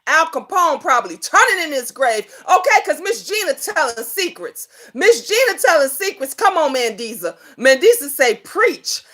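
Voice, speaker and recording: Lively, bright-voiced woman hosting. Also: high voice, normal speed, hardly any pauses. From Chicago. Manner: animated, sassy, greets chat viewers, outbursts. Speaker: livestream talk show host. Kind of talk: casual live chat talk.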